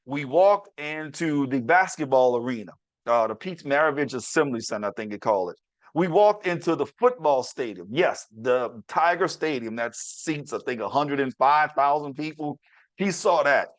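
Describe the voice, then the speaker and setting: A man's voice: medium pitch, expressive, moderate pace, no echo. A middle-aged man hosting his own talk show, telling a story in a chatty, repetitive way and talking straight to his listeners. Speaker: podcast host. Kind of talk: casual storytelling monologue.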